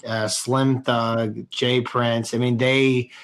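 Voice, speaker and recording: A man's voice: mid-range voice, little pitch movement, takes it slowly, smooth. A man hosting a podcast in casual chat, talking loosely, swearing and restarting often. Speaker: podcast host.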